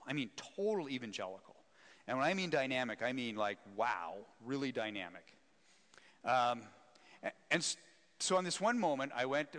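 A man who leads a seminary, telling a story in an animated, self-mocking way during a teaching talk. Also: mid-range voice. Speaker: seminary president, speaker. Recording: echoey hall.

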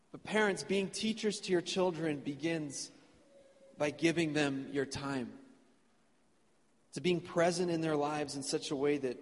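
A man's voice: fairly high pitch, in a large hall. A young man preaching a sermon earnestly, repeating phrases for emphasis. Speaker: pastor. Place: church.

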